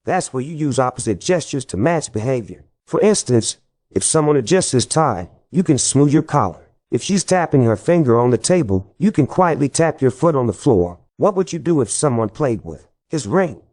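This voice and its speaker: A man reads a nonfiction audiobook aloud with an even, instructive delivery. His voice sits at a middle pitch with a warm, mellow color. The sound is dry, with no room echo. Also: normal speed. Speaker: narrator. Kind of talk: scripted audiobook narration.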